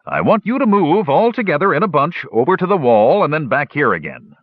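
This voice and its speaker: A man doing a gruff, jovial hill dwarf. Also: medium pitch, wildly swooping pitch, moderate pace, no echo, voice pushed up. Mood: instructing. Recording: dull lo-fi recording.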